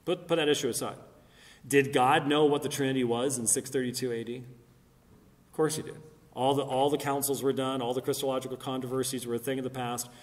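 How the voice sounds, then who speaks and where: A man's voice: medium pitch, fairly even intonation, brisk. Emphatic middle-aged man lecturing in a reverberant hall. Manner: emphatic, argumentative, rising loud on key points; frequent fillers and restarts. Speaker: Christian apologist speaker. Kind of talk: apologetics lecture. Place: church hall.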